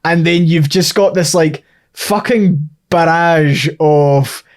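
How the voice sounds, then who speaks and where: A man's voice: on the high side, slow pace. A man co-hosting a podcast, ranting sarcastically about a film and swearing freely. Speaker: podcast co-host. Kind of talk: casual chat, film review.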